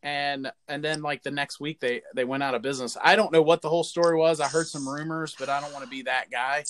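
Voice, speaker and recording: A man with a slightly high voice chats casually on a podcast. He jokes at his own expense and stumbles through fillers. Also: fairly even intonation, fast talker, fairly bright tone. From American South. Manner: joking, self-deprecating, hesitant with fillers. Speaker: podcast co-host. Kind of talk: casual chat.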